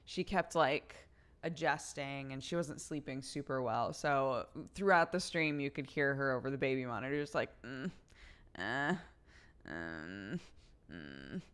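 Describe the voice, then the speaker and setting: A woman's voice: rumbling low, normal speed, fairly bright tone, clear, resonant tone. A young adult woman livestreamer telling a story in casual chat, swearing freely along the way. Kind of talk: casual chat to a live audience.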